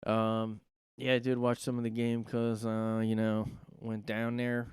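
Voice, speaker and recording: Guy from south jersey rambling into his mic at home, smooth clear voice, lots of uhs and likes, super dry sound. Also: medium pitch, completely flat delivery, unhurried, a little mellow, no room sound. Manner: rambling, filler-heavy and jokey. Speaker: podcast host. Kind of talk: casual solo monologue. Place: his own room.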